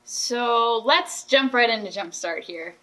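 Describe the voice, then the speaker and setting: Teen girl hosting a school podcast, bright voice, eager and chatty. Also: on the high side, animated, slow pace, poor audio. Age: teens. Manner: earnest, enthusiastic with frequent restarts. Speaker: podcast host. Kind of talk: casual chat.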